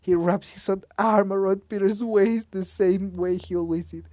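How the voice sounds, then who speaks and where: A woman's voice: medium pitch, fairly even intonation, normal speed, dark tone, dry recording. Woman stumbling through a fan story. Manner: stumbling, laughing, self-mocking. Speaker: fanfic reader. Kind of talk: casual reading aloud with asides.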